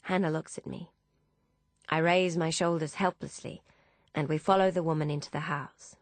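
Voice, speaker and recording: An audiobook narrator, a woman, reads a first-person novel in a measured, even way. Her low voice is miked closely, giving a dry studio sound with no surrounding room and no echo.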